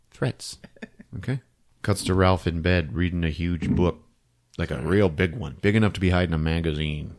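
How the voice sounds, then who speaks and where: A man's voice: sits low, moderate pace. A man hosting a podcast, casually retelling a film plot with lots of laughter and acted-out bits. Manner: animated, laughing often, acting out scenes. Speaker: podcast host. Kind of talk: casual movie recap.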